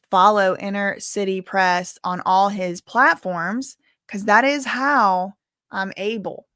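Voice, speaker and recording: A woman's voice: medium pitch, fairly bright tone, no echo, clean studio sound. A woman chatting casually on a live stream, updating viewers on a court hearing and reading their comments aloud with lots of filler words. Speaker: livestream commentator on a court case.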